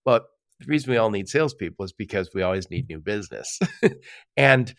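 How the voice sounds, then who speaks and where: A podcast host from Michigan has a fairly low, gravelly voice with lively intonation and a fairly quick pace. He's a chatty storyteller in a casual conversation, acting out quoted exchanges and laughing often. The audio is clean studio sound with no echo.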